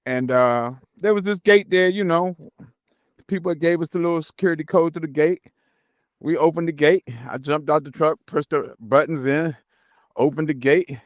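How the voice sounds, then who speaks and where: A man's voice: a little high, normal speed, no room sound. A middle-aged man, co-hosting a podcast and telling a road story casually, acting out the people in it. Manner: animated, acts out voices in his story. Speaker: podcast co-host, truck driver.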